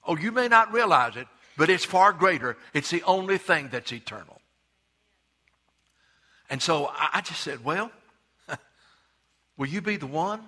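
A man preaching a sermon, emphatic, repeating words for stress and swinging between loud and hushed delivery. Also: on the high side, lively intonation, unhurried, pauses often. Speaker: pastor.

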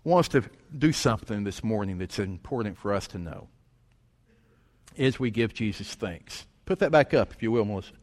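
Folksy preacher in reverberant church. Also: male voice, on the low side, animated, brisk, darkish tone. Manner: folksy and conversational, with rhetorical questions. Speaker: pastor. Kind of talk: storytelling sermon. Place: church sanctuary. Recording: long church hall reverb.

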